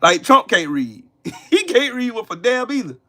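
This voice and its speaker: A Southern American man hosting a live stream, his voice bright and high for a man. He talks bluntly and profanely and hammers his points through repetition. He keeps breaking off to answer the chat. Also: sing-song, normal speed. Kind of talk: live stream politics rant.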